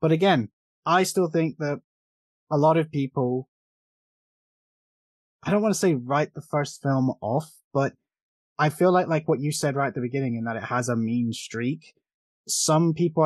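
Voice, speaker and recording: A British man hosting a podcast, talking casually about a film with quick asides and frequent laughs. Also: mid-range voice, no room sound. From Britain. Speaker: podcast host.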